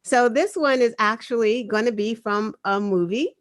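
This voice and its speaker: A woman with a Boston accent co-hosting an online news talk show, animated and laughing often. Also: a little high, moderate pace. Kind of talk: casual chat.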